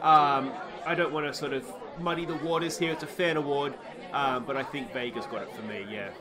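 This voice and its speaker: A man's voice: mid-range voice, steady tone, brisk, a crowd in the background. A man with an Australian accent hosting a comic awards-show skit, talking like a showy compère with laid-back banter. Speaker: game channel host.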